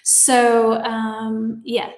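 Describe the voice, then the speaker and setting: A woman's voice: a little high, monotone, very slow, darkish tone. American woman host, chatty teacher voice, echoey room with long reverb. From United States. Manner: chatty, reads comments aloud and reacts. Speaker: English teacher. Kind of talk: live-stream lesson reading viewer comments.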